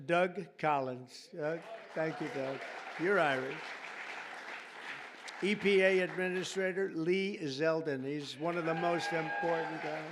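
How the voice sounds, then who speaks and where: Against a noisy background in a large formal reception room, a man with a slightly high voice delivers a ceremonial speech. He rambles chattily and keeps stopping for off-script jokes directed at the crowd.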